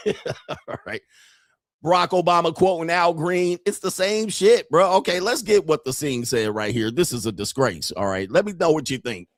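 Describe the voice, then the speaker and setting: A man's voice: a little high, expressive, moderate pace, no echo, clean studio sound. A man streaming, reacting to clips in casual, mocking commentary and laughing often.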